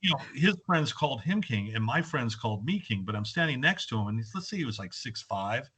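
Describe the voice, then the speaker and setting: A man guest on a podcast, telling animated stories in a casual chat. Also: medium pitch, brisk, slightly rough. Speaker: guest musician.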